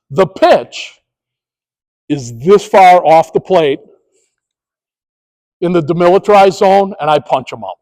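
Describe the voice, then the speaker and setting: Middle-aged male presenter, higher-pitched voice, storytelling delivery with acted-out umpire calls, speaking to a live room. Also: darkish tone, poor audio. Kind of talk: presentation to sports officials.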